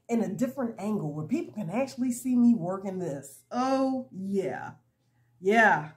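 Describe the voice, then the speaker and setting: Soft lo-fi hip-hop backs a woman chatting casually while she crochets at home for her video. Speaking at medium pitch and an unhurried pace, she laughs a lot and tells stories in a giggly, animated way.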